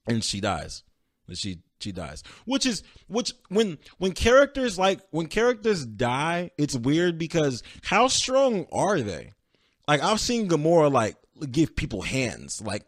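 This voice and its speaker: A man hosting a podcast, telling a movie plot in an excited, animated way and acting out the characters' lines. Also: mid-range voice, no room sound, studio quality. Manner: excited, animated storytelling with voiced quotes. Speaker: podcast host. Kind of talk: casual solo movie review.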